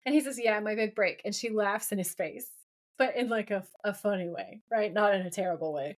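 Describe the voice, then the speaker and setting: This podcast co-host walks through a TV episode in a relaxed way, animatedly quoting its dialogue to bring scenes back. Her voice is mid-range and brisk.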